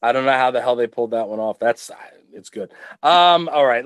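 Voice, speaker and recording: A middle-aged man co-hosting a podcast, chatting casually, rambling and stammering with loud laughs. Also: medium pitch, normal speed, clear, resonant tone, dry recording. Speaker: podcast co-host. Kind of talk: casual chat.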